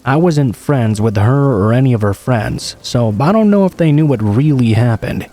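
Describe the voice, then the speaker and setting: A man reads scary stories in a calm, even narrator's voice. His tone is dark and mellow, and a steady patter of rain runs behind him. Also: medium pitch, normal speed. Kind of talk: scripted horror story narration.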